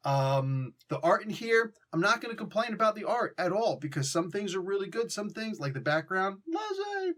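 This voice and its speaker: Man, young adult, comic book reviewer, casual slangy review, animated, slightly high voice. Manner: animated, slangy, acts out lines in mock voices.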